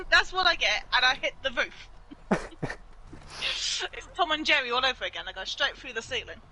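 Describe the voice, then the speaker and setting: A woman with a high, very bright voice bantering on a game stream, teasing and breaking into laughter. Her tone is sharp and cutting, with a faint hiss behind it. She talks casually. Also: sing-song, normal speed, pauses often, rough recording. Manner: playful teasing, laughs often. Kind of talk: casual gaming stream chat.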